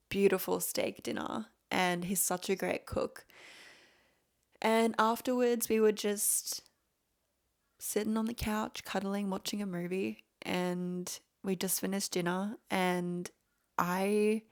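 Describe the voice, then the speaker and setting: Slow, emotional woman podcast host. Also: mid-range voice. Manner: emotional, laughs often while telling a story; gushing, repeats words. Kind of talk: personal storytelling podcast.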